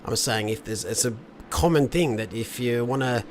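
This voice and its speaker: A man's voice: mid-range voice, moderate pace, a little hiss or hum. A man casually commentating an online sim race, chatty and joking. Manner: chatty, joking, giving advice.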